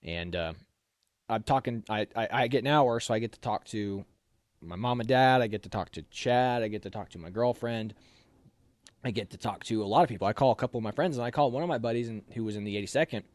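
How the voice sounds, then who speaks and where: Young man, casual storytelling, animated, dry close sound, mid pitch. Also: fast talker, no room sound. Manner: animated, laughs while telling, acts out quotes. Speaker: interviewee telling army training stories.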